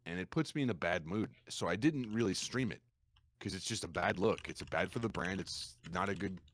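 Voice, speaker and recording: A man with a low voice, a streamer guest on a podcast, telling his stories in a lively, animated way. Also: fairly quick, slight background noise. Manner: animated storyteller, acts out quoted gamers in a raised voice. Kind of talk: casual podcast conversation.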